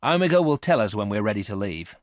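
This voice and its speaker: A man's voice: fairly low pitch, sing-song, fast talker, dry recording, studio quality. A man reading aloud, voicing a scheming, greedy woman space traveller, cool and commanding.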